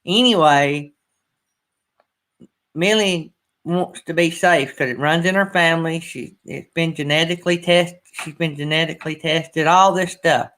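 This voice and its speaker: Middle-aged man, host of a folksy morning live chat, rambling and emotional, bright lifted voice. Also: fairly high pitch, fairly even intonation, unhurried. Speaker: channel host. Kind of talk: casual livestream chat.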